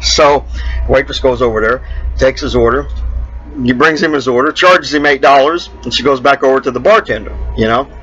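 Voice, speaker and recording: A man's voice: mid-range voice, moderate pace, fairly bright tone, breathy edge, muffled recording. A man hosting a show, telling jokes in a rambling, casual way and repeating "he goes" between quotes.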